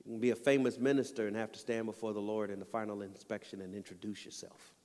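A man's voice: on the low side, little pitch movement, fast talker, darkish tone. A man preaching a sermon, telling an earnest family story and building to emphatic points. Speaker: pastor. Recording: long hall reverb.

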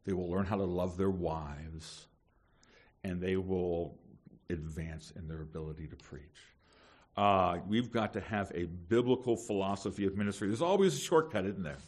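A middle-aged male pastor preaching to seminary students in a fairly low voice. His delivery is emphatic and animated, punctuated with rhetorical questions. A sermon style that pushes the listeners to apply themselves. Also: normal speed.

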